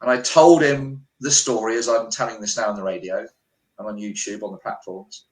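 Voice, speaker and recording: A man's voice: fairly low pitch, a little fast. Uk guy telling his story on a call, acts out the voices, echoey room. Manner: animated, acts out quoted dialogue. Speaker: guest healer. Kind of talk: storytelling interview. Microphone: remote call.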